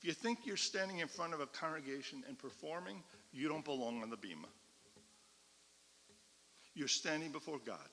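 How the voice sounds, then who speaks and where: A man's voice: fairly high pitch, animated, normal speed, pauses often, sharp tone. A man, a cantor, teaching a class in an explanatory lecture style, often checking in with his listeners. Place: synagogue classroom or hall. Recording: long reverb of a hall.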